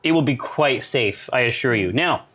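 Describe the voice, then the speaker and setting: A man co-hosts a brewing livestream in casual, jokey banter, asking what goes in next. His voice sits at a middle pitch. Steady background noise runs under the recording. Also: normal speed. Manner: jokey, leads the brewing steps by asking questions. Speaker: co-host. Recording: noisy room audio.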